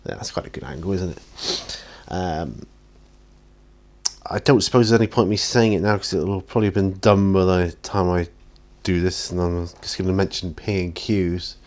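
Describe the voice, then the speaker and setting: A man's voice: low-pitched, normal speed. A man chatting casually while painting miniatures in his home studio, rambling and self-deprecating, tired and yawning often. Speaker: hobby painting vlogger.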